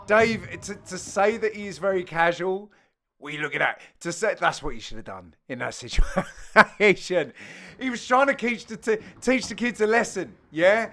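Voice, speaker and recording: A middle-aged man giving a cheeky, joking voice-over on his own amateur padel match, with sudden loud exclamations. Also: sits high, lively intonation, normal speed. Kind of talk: jokey voice-over commentary on match highlights.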